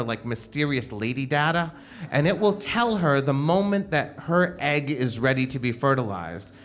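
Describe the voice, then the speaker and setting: A man's voice: mid-range voice, fairly bright tone, slight background noise. Man telling a comic story on stage. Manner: conversational, comic timing, frequent "like" fillers. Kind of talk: live first-person storytelling. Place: live show at a club venue.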